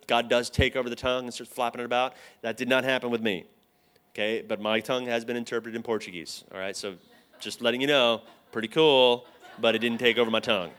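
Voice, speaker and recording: A man giving a casual storytelling sermon to a live group, acting out the voices in his anecdotes. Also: medium pitch. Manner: animated, acts out both sides of dialogue. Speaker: speaker at a church teaching.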